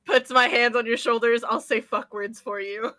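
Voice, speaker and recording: A woman playing a tabletop game, thinking aloud carefully and often trailing off quietly. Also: on the high side, steady tone, moderate pace. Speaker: player. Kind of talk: casual tabletop game play.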